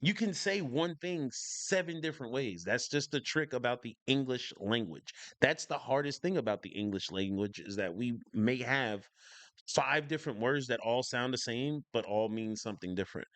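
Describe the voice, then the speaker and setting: Emphatic, crisply enunciating man on a dry mic. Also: mid-range voice, animated, moderate pace, fairly bright tone, dry recording. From northern United States. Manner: emphatic, clearly enunciated, opinionated; lecturing, repeats points for stress. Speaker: reaction channel host. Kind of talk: casual reaction commentary.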